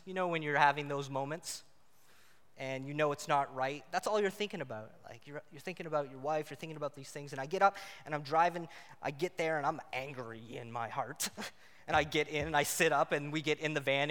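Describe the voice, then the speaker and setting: A married man delivers a sermon with a bright, forceful tone, his voice pitched a little high for a man. He moves from loud, emphatic stretches to quiet, intimate ones. The sound carries the long reverb of a church hall. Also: moderate pace. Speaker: preacher.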